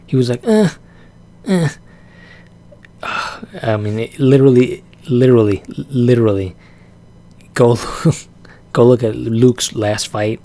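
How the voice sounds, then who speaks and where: A man's voice: medium pitch, fairly even intonation, a little slow, warm tone. A man ranting casually about a fight, profane and exasperated, breaking into laughs often. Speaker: vlogger reacting to a fight.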